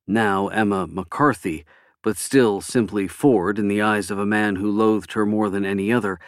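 Man, audiobook narrator, low voice, dry close sound, measured delivery. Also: dry recording. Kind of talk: scripted narration.

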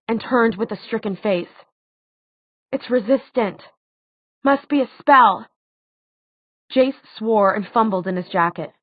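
A woman's voice: medium pitch, no room sound. Woman narrating an audiobook on a tinny line. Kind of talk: scripted narration. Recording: tinny phone-like dry sound.

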